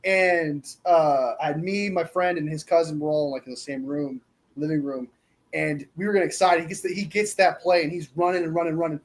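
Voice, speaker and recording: A man chats about sports, telling his stories quickly and laughing as he goes. His voice sits a little high for a man. He talks from a home streaming setup. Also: steady tone. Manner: storytelling, fast, laughs. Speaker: co-host. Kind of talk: casual sports chat. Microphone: streaming mic.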